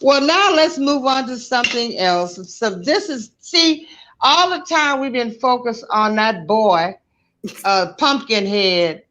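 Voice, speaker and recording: A woman co-hosting a casual chat, telling stories in an animated way and laughing often. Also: a little high, slow, background noise. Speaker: co-host.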